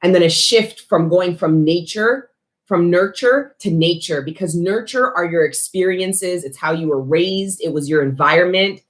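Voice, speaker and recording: A woman's voice: fairly low pitch, moderate pace. A woman giving a casual spiritual tarot reading, talking bluntly with lots of swearing and street slang. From Canada. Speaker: tarot reader.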